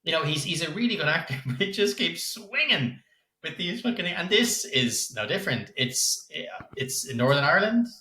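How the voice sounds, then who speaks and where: A middle-aged man on a podcast, talking in a bright, forceful voice that swings up and down a lot. He rants with plenty of swearing. The sound is roomy and echoey. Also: on the high side, big pitch swings, moderate pace. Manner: swearing, exasperated ranting with laughs. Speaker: podcast co-host. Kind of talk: casual chat.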